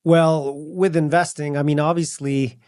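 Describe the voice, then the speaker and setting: A man's voice: a little high, level tone, a little slow, a little mellow, smooth, no echo, clean studio sound. A man appearing as a podcast guest, talking in an easygoing, joking way. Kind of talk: casual podcast chat.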